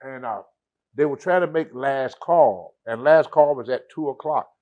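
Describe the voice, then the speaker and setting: A man who is a guest on a show, telling stories in a casual, animated way. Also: medium pitch, normal speed, dull audio. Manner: animated, acts out the people in his stories. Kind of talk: casual storytelling.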